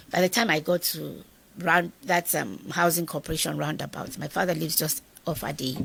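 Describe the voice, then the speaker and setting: A middle-aged woman with a Nigerian accent tells a personal story to an interviewer. Her voice is low, gravelly and husky, with a bright, edgy tone, and she acts out each quoted line with animation. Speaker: guest.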